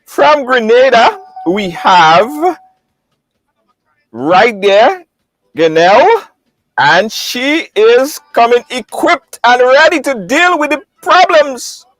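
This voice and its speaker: High-voiced lively male show host. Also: slow pace, no echo, low-quality recording. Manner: lively, repeats phrases, greets viewers by name. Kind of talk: live online talk show hosting.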